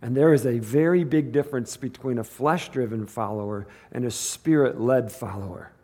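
A man's voice: medium pitch, moderate pace, warm tone. A pastor preaching a sermon to his church in a casual, conversational way, acting out the people in the story as he goes.

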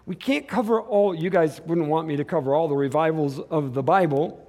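Pastor, male, fairly high voice, casual animated sermon delivery with acted-out asides. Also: normal speed.

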